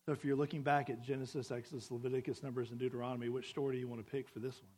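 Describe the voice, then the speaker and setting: A man's voice: medium pitch, flat delivery, very fast, a little mellow, slightly rough. A man preaching a sermon to a congregation in a church, conversational and full of questions to the room. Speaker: pastor.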